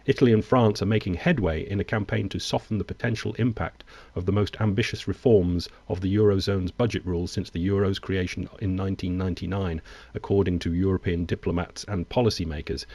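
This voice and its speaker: A man's voice: low-pitched, a little mellow, husky, no echo. A man who reads news articles aloud and breaks off into wry, digressive asides of his own. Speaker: news commentator. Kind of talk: reading and commenting on news articles.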